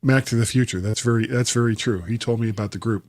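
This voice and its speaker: A man's voice: medium pitch, fast talker. A man from Florida hosting a casual podcast, telling rambling stories. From Florida, USA. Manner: animated, rambling storyteller. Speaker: podcast host.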